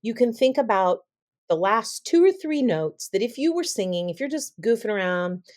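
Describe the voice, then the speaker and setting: A woman with a slightly high, very animated, slightly mellow voice speaks at a moderate pace. As a vocal health expert guesting on a podcast, she explains and demonstrates speaking habits, imitating voices while teaching and often asking "okay?"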